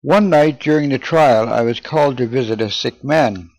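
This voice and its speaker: A man reads a memoir aloud in a steady, measured narration, easing his pace over names and dates. His voice sits at an ordinary middle pitch, recorded close and dry with no room around it. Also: no room sound, low-quality recording. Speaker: audiobook reader. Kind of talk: scripted narration.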